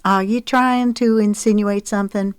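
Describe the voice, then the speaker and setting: A woman's voice: medium pitch, fairly even intonation, normal speed, clean tone, no room sound, studio quality, voice pushed up, natural voice. Woman voicing a prickly divorced mother. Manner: sharp, defensive, exasperated.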